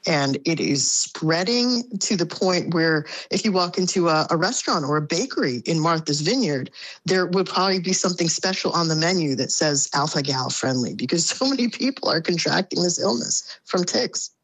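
A woman's voice: on the low side, lively intonation, normal speed, husky, no room sound. A woman speaking as a guest in a conversational interview, explaining her city and thinking aloud with frequent restarts.

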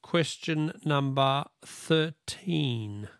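A man's voice: fairly high pitch, measured pace, few pauses, no room sound, studio quality. A middle-aged Australian man hosting a talkback radio quiz, chatty and joking with callers. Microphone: studio microphone.

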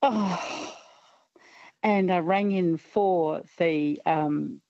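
A woman in her fifties rings in to a radio quiz. She talks slowly and hesitantly in a lowish voice, full of fillers. The line sounds dull and dry. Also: darkish tone, no room sound. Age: 50s. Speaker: caller. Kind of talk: casual call-in chat. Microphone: phone line.

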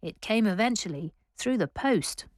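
Female radio presenter, scripted narration, measured and composed, dry studio mic. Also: medium pitch, lively intonation, no room sound.

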